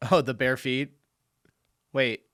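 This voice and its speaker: A man's voice: medium pitch, steady tone, slow, music in the background. A man hosting a reaction video, chatting casually, laughing often and thinking aloud.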